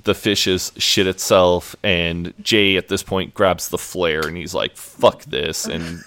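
A man's voice: low-pitched, steady tone, slow pace, bright, forceful tone. A man co-hosting a podcast, recapping a TV episode in a laid-back, amused way and swearing freely. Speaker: podcast co-host.

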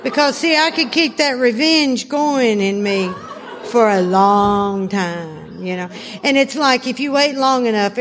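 A woman speaker at a recovery workshop, telling a long story with lively laughter. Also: a little high. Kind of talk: storytelling talk to a live audience. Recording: hall reverb, faint noise.

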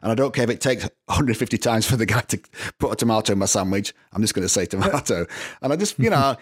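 A middle-aged man with a Northern English accent, telling animated stories with frequent laughs as a guest in a casual interview. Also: lowish voice, fast, breathy edge. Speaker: guest composer.

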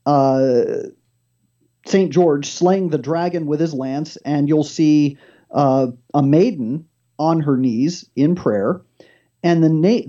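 Guy guest telling a story, lively ups and downs, mellow voice, kinda muffled lo-fi line. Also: fairly high pitch. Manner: animated storyteller who acts out the dialogue. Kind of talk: casual storytelling on a talk show.

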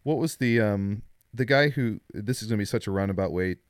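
A man's voice: lowish voice, a little fast, dry recording, studio quality. A man co-hosting a casual podcast, talking about films with rambling enthusiasm. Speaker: podcast co-host. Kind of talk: casual film chat.

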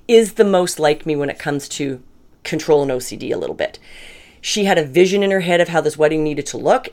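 A middle-aged woman talks through a personal story in a frank, chatty manner. Her voice sits a little low, and she often breaks off and restarts her sentences as she goes. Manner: chatty and candid, self-described bossy, frequent restarts.

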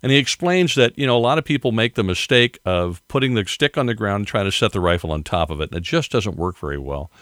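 Older guy rambling on his podcast, lowish voice, chuckles a lot, dry sound. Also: animated, quick pace, few pauses, a bit bright, no room sound. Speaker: podcast host. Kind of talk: casual monologue.

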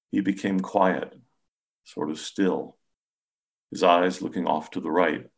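A man, a psychiatrist, calmly narrating a patient case in the first person with measured storytelling. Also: deep voice, gravelly. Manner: calm, measured storytelling, softens when speaking gently.

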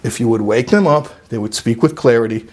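A man telling a personal story in a sermon, animated and emphatic, sometimes dropping low and quiet for serious points. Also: a little fast. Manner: animated, jumps to high emphatic peaks. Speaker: religious speaker.

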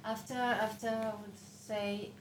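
A woman's voice: on the high side, level tone, unhurried. A French woman with a French accent, answering in a language lesson with short, hesitant replies. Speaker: native French speaker guest. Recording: echoey room with background noise.

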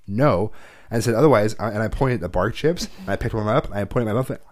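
A man's voice: on the low side, lively intonation, very fast. A man telling rambling, profane stories in casual chat, often laughing at himself.

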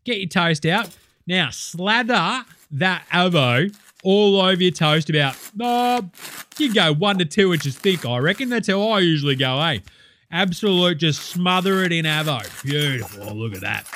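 A man's voice: sits high, expressive, moderate pace, fairly bright tone, slight background noise. A man with an Australian accent voicing a crude, boisterous male cooking-show host in a comedy sketch. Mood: blokey. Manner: blokey, crude, rambling, hammy showman.

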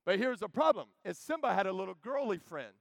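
Brief: man in his thirties, lively camp sermon, high voice, dry close sound. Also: a little fast, gravelly, no echo. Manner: joking, animated, calls to the crowd. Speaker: preacher.

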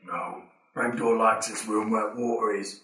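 A man's voice: fairly low pitch, little pitch movement, pushed and bright. A man voicing a timid, simple-minded male ogre with a Cockney accent, speaking in broken phrases. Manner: broken simple speech, slow. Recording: echoey room, mic far off.

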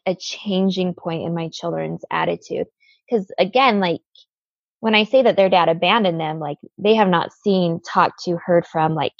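A woman's voice: lowish voice, vocal fry, no echo, muffled recording. A woman guest telling a personal story in an interview, earnest, with lots of "like" fillers.

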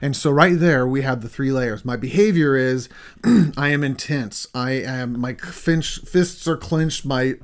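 A middle-aged counselor, unhurried and medium-pitched, recounts a story while chatting casually with his wife, livening up as he acts out the moments.

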